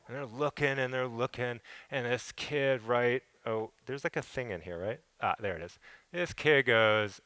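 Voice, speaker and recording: A man's voice: medium pitch, a little slow, pushed and bright, clean tone, no echo. A middle-aged man, a photographer, telling loose, casual stories in an artist talk on a stage, swearing and acting out quotes. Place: theater stage.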